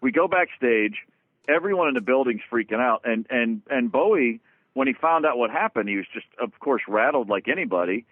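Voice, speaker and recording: A man, a guest drummer, tells road stories in an animated, casual way, swearing freely and restarting his sentences. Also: mid-range voice, no echo. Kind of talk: casual storytelling interview. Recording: dry, phone-like lo-fi sound.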